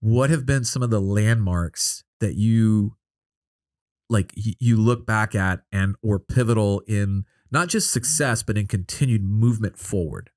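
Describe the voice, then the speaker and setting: A man's voice: on the low side, a little slow, darkish tone, no echo, clean studio sound. A man hosting a podcast, chatting casually and rambling, with many "like" and "you know" fillers. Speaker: podcast host. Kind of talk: casual interview chat.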